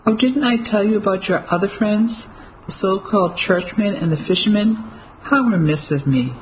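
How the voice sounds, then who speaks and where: Reader plays sneering male officer, mid pitch, quiet threat, audiobook. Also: normal speed, slight background noise, close to an everyday voice, rough recording. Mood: menacing. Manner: mocking, menacing. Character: smug cruel male German officer.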